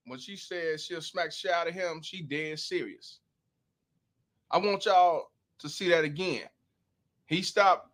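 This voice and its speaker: A man's voice: a little high, sharp tone. A man hosting a livestream, commenting on a clip in profane slang and reading out viewer donations. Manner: profane, drawn-out, preachy slang. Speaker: host.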